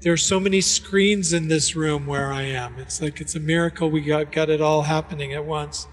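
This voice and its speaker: A man's voice: on the high side, steady tone, normal speed, big-room sound. A man hosting a podcast, thanking the crew and signing off in a loose, slightly rambling way from a room full of screens. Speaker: podcast host. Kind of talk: casual sign-off.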